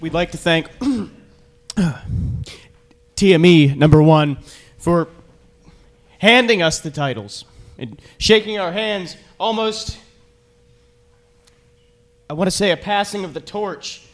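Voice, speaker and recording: A man, a tag team wrestler, giving halting and earnest thanks in a promo. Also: high-pitched, expressive, a bit bright.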